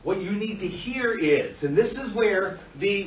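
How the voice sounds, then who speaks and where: Blunt, animated man lecturing in an echoey room. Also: sits high, unhurried, a little hiss or hum. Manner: blunt and animated, swears, acts out client voices. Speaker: instructor. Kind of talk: classroom lecture. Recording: far-off echoey lo-fi classroom recording.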